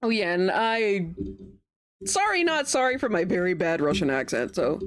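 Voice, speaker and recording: Young woman streamer, chatty, giggly, very lively pitch, let's-play commentary. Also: moderate pace. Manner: giggly, chatty, laughs often.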